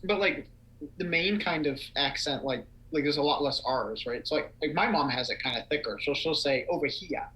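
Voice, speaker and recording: A young man co-hosting a casual livestream chat, animated and rambling with lots of fillers. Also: on the high side, moderate pace, poor audio. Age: young adult. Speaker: podcast co-host.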